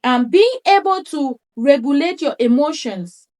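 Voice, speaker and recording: A woman's voice: sits high, animated, measured pace, a little mellow. A woman lifestyle coach giving a motivational talk, repeating her points for emphasis and acting out quotes. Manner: acts out others' words in quoted asides.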